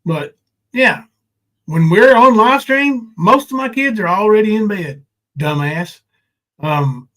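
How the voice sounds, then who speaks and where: Male livestream host, higher-pitched, crude and mocking, casual chat. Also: animated, a little slow, a bit bright. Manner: mocking, profane, taunting.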